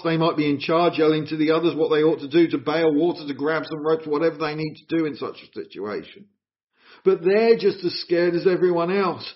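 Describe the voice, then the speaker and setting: A man preaching a sermon in an earnest, expressive way, asking his listeners questions. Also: a little high. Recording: dull lo-fi recording.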